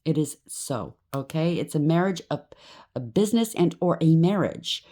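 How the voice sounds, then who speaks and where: A woman with a low, deep speaking voice reads tarot cards for an unseen audience. She talks to the listener directly, keeps checking in with "okay?", and sometimes breaks into short acted-out voices with sudden lifts in pitch. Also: lively intonation, moderate pace, dark tone. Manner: addresses viewer directly, frequent "okay?" check-ins; acts out quoted voices with sudden rises. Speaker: tarot reader. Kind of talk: tarot card reading for viewers.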